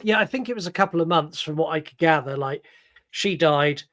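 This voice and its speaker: Stumbling, animated podcast co-host. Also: male voice, fairly high pitch, a little fast. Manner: stumbling, repeating words at the start of sentences; self-mocking and animated. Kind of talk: casual film review chat.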